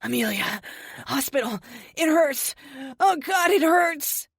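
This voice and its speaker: A woman's voice: high voice, lively intonation, takes it slowly, gravelly, no echo, studio quality, voice pushed up, heavily acted. A woman voicing an injured, frightened man in agony, speaking through tears and clenched teeth. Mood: agonized. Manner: crying, strained, pained.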